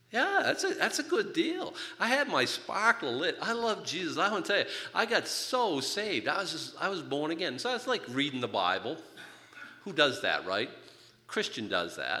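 An older man preaching a sermon, telling his own story in an animated, joking way. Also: mid-range voice. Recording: reverberant hall.

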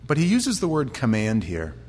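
An American man preaching a conversational Bible sermon, chatty with restarts, sometimes building to loud, impassioned storytelling. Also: medium pitch, wildly swooping pitch, moderate pace. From United States. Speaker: pastor.

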